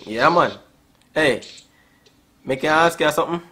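A man's voice: a little high, measured pace, pushed and bright, slight background noise. A Jamaican man hosting a casual vlog, teasing and joking as he flirts with strangers on a video chat app, slipping into patois and calling everyone bro. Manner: playful, teasing, drops into patois, says "bro" often. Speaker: YouTuber host.

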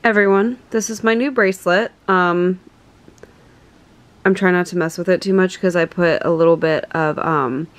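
A young woman vlogging at night, talking into her phone in a gushing, excited way and saying "like" a lot. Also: lowish voice, moderate pace, faint music behind. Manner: gushing, excited, heavy use of "like". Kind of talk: casual chat to camera. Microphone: phone held in hand.

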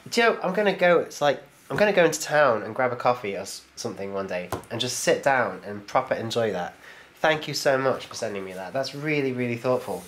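Fairly quick and animated at medium pitch, a man runs his own YouTube channel, tearing into fan letters and reading them out with enthusiastic, casual chatter aimed at the camera and frequent laughter. There's noise in the background.

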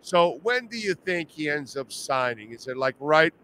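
A man with a Miami accent hosting a sports radio show, talking in an animated, rambling, slangy way. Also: on the high side, normal speed, slight background noise. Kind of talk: casual sports talk.

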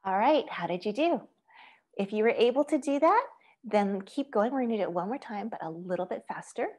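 Music teacher, female, mid pitch, patient and friendly, counts and chants rhythms. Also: expressive, a little fast, a little mellow. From Asia. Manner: friendly, patient step-by-step instructions. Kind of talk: online music lesson.

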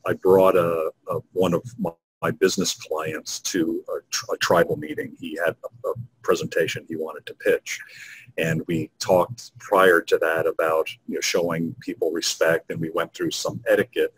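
A man's voice: low-pitched, breathy edge, no room sound, rough recording. A man moderating a webinar panel, telling stories in a chatty way and laughing often.

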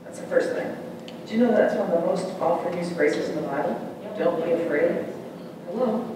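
Male pastor preaching, animated call-and-response delivery, slightly high voice, picked up from a distance in a booming church hall with audible room noise. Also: normal speed. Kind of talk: sermon. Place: large church sanctuary. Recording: echoey hall from far off.

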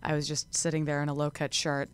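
A woman's voice: sits low, completely flat delivery, fast, clear, resonant tone, dry recording. A woman in her twenties, a singer guest on a talk show, chatting in a bubbly, self-deprecating way. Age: 20s. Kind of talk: casual chat.

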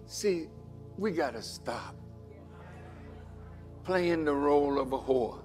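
Male minister, high register, measured dramatic preaching, faint music under. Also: lively intonation, big-room sound. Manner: dramatic preaching, swinging from hushed to shouting. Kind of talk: sermon.

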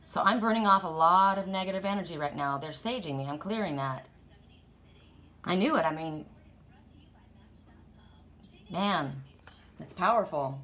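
A woman's voice: on the low side, fairly bright tone. Rambling woman reading oracle cards. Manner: rambling, emphatic, many restarts. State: sore throat. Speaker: oracle card reader. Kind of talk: casual spiritual card-reading chat.

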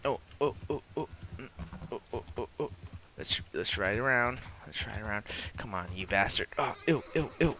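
A man's voice: medium pitch, expressive, normal speed, pushed and bright. A man giving live gameplay commentary, swearing constantly and blurting frustrated outbursts at enemies while admitting he is new to the game. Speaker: gamer playing a multiplayer beta.

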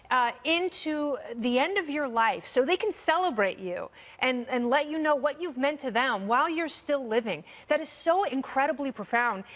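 A woman's voice: high-pitched, fairly bright tone, long reverb tail. A woman on a talk show panel, speaking earnestly and reflectively.

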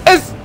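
Man, gameplay commentary, trash talk, high voice, lively swings. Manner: animated trash talk at the game, loud outbursts. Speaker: gaming channel host.

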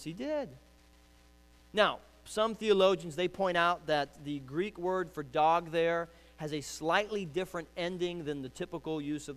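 A man preaching a sermon as pastor, emphatic, swinging from hushed lines to loud ones. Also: high voice, long reverb tail.

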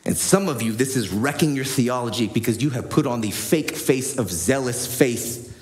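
A man preaching a sermon as pastor, in a casual way that swings between quiet low asides and loud shouted bursts. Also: expressive, moderate pace, slight background noise. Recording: echoey church hall.

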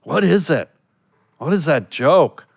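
A man's voice: fairly high pitch, expressive, slow pace, creaky, no room sound. A male comedian guesting on a podcast, riffing playfully on absurd tangents. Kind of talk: casual podcast banter.

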